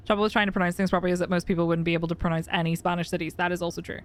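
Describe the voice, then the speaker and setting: A woman's voice: fairly low pitch, very fast, few pauses. A young woman streamer chatting casually with her live chat, laughing often and greeting viewers by name.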